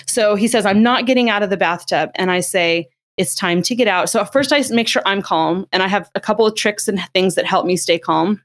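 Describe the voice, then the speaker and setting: A woman's voice: mid-range voice, a little fast, few pauses. A middle-aged woman, a parenting expert, explaining in a conversational way and acting out quotes as she tells stories. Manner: animated storytelling, acts out quotes.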